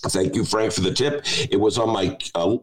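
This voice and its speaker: A man's voice: fairly low pitch, normal speed, low-quality recording. A man hosting a casual talk show from home, wry and rambling in his chat. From United States. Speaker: host.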